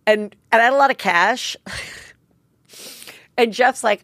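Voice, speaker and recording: A woman's voice: fairly high pitch, measured pace, pauses often, fairly bright tone, no echo. A middle-aged woman hosting a podcast, telling a story in a candid, chatty, self-mocking way with some swearing. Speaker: podcast host. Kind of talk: casual storytelling monologue.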